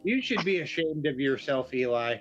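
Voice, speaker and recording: A man's voice: fairly high pitch, very animated, moderate pace, highs cut off, faint music behind. A man in casual joking podcast chat, teasing and repeating himself.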